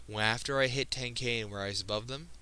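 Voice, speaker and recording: A teenage boy records a personal vlog monologue in a medium-pitched, sharp, smooth voice, though the recording is rough. He comes across as emotional and earnest as a video creator, halting often, restarting, and tripping over his words.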